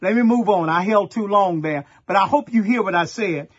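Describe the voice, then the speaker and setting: A middle-aged pastor from Texas, preaching a sermon in a folksy storytelling way and talking straight to the congregation. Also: male voice, high voice, normal speed, breathy edge, muffled recording.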